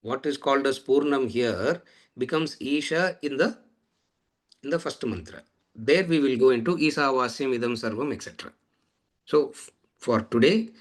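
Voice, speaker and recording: Male teacher, mid-pitched, measured lecture style, chants verses slowly. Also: animated. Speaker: Vedanta teacher. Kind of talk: scripture lecture.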